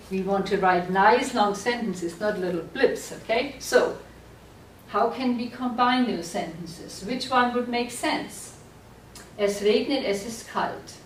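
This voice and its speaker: A woman teaching a German class, explaining slowly and patiently and often checking that the students follow. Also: medium pitch, a little hiss or hum. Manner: slow, patient explaining with frequent check-ins. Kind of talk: classroom lecture at a board. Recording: echoey room, voice from far off.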